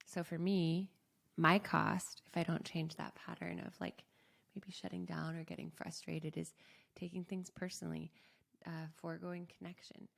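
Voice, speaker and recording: A young adult woman, a life coach, calmly guiding listeners through a self-help exercise, often saying "like.". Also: on the low side, vocal fry. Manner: calm, slow guiding with frequent "like".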